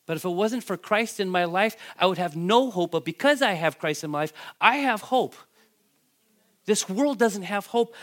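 Animated male pastor preaching. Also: high voice, moderate pace. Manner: animated preaching, calls out to the congregation. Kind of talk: sermon.

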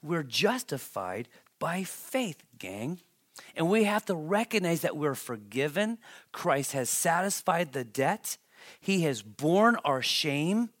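Man, pastor, sermon, conversational then emphatic, slightly high voice. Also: takes it slowly. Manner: conversational preaching, rising to emphatic, animated asides.

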